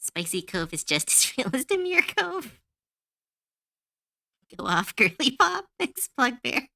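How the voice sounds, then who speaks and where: A woman's voice: high-pitched, sing-song, slow pace, gravelly, pushed and bright, no echo, clean studio sound. A woman streamer chatting casually while she draws, ranting heatedly and swearing freely. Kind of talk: casual livestream chat while drawing. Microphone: close to a desk mic.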